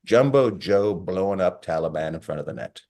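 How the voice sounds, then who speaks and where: A man's voice: sits low, animated, moderate pace, a little mellow. A man co-hosting a casual podcast, telling rambling joking stories and laughing at his own punchlines. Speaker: podcast co-host.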